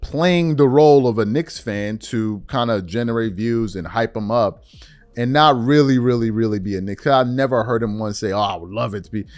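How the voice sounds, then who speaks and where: A man's voice: mid-range voice, normal speed, darkish tone, no room sound, faint music behind. A man hosting a podcast, giving his opinion in casual talk that rambles with many fillers and repeats. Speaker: podcast host.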